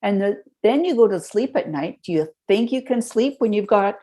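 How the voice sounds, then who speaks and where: In a chatty interview setting, a female podcast guest shares animated anecdotes and explains health advice one step at a time. She speaks at a moderate speed in a mid-range pitch.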